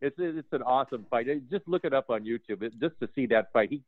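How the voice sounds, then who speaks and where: A man's voice: medium pitch, fast talker, no room sound. Man telling film-set stories over a tinny line. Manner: animated anecdotes with quoted dialogue, laughs often. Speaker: film art director, guest. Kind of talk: casual storytelling interview. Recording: phone-like dry audio.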